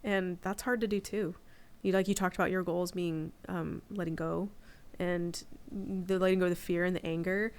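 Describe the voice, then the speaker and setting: A woman's voice: lowish voice, steady tone, normal speed, darkish tone, clear, resonant tone. A woman in her forties, a podcast guest, telling personal stories in a candid, reflective casual chat.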